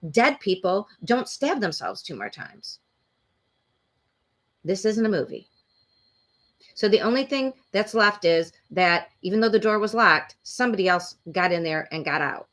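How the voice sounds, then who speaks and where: A woman's voice: medium pitch, expressive, measured pace, pauses often, fairly bright tone. A woman hosting a true crime show, talking casually and indignantly with many fillers. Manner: opinionated, indignant, rambling with fillers.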